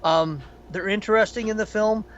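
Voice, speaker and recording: A man's voice: high voice, normal speed, lo-fi sound, a little hiss or hum. A man co-hosting a podcast, chatting casually and profanely about a film in a rambling way. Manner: rambling, profane, animated storytelling. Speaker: podcast co-host. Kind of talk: casual film review chat.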